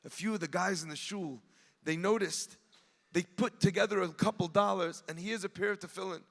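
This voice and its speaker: A man playing a kind, helpful male synagogue official who speaks in a gentle, encouraging way. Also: high-pitched, brisk, creaky, heavily acted. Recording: long hall reverb.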